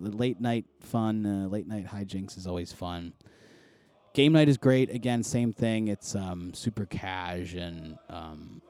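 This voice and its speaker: A podcast host with a low, darkish voice chats loosely, rambling with plenty of fillers and restarts. There's no room sound in this casual podcast conversation.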